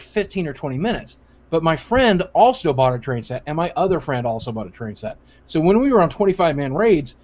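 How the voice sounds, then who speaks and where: A man co-hosting a stream, chatting casually in a profane, joking way and telling stories. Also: on the high side. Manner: profane, joking, animated storytelling. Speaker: streamer co-host. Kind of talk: casual chat. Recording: dull lo-fi sound.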